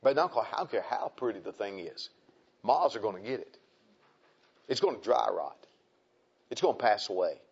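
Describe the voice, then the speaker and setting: A man's voice: fairly low pitch, animated, normal speed, vocal fry, pauses often, slightly rough, highs cut off. A man preaching a sermon in a folksy, conversational way, asking his listeners frequent rhetorical questions.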